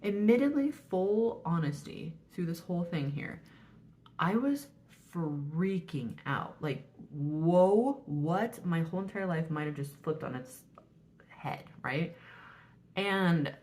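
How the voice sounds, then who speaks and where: Chatty woman vlogger, slightly low voice. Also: animated, slow pace, darkish tone. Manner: chatty, frequent "like" and "um", drops to whispers when quoting herself. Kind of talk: casual storytelling vlog.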